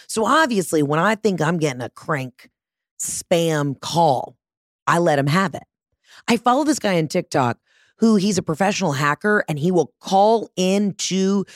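A woman's voice: sits low, no echo, studio quality. A woman telling a profane, dramatic story in a casual monologue, acting out both sides of phone calls. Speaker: vlogger.

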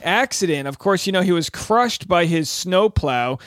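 Chatty high-voiced male podcast host. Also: animated, normal speed, fairly bright tone, dry recording. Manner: chatty and upbeat, laughs easily. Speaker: podcast host and stand-up comic. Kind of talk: casual news podcast.

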